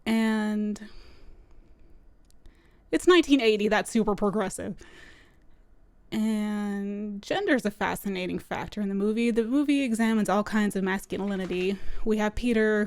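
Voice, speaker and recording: Woman film reviewer, chatty and loose, smooth clear voice, dry close sound. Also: mid-range voice, unhurried, no room sound. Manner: chatty, loose, with frequent "like" fillers. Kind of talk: casual spoken film review. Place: at home with her dog nearby.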